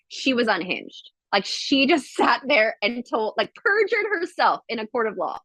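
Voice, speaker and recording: Woman on a podcast telling a wild story, slightly high voice, swears a lot, dry close sound. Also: moderate pace, no room sound, poor audio. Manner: animated storytelling, acts out quotes; swears freely. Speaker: podcast guest. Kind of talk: casual podcast chat.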